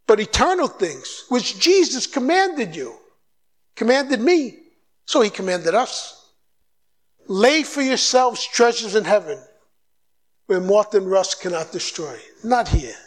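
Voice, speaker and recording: A man with a notably high voice preaches a fervent sermon. He presses his listeners with quick questions and plays out little back-and-forth dialogues, his voice climbing as he urges them on. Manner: exhorting, animated, mimics dialogue. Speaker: guest preacher.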